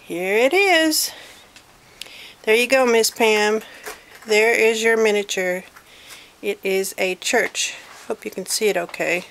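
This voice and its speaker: A woman's voice: mid-range voice, level tone, a little slow, fairly bright tone, slight background noise. A woman chatting casually as she films a handmade miniature at home on a handheld digital camera, with frequent apologetic asides. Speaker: crafter showing a handmade miniature. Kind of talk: casual show-and-tell vlog. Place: cluttered room at home.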